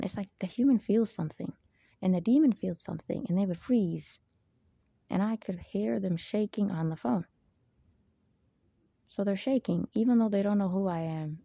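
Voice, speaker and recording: On her own channel, a woman rambles through an emphatic spiritual monologue, digressing into asides and saying "there you go" again and again. Her voice is mid-range, creaky and warm, and the recording is dry.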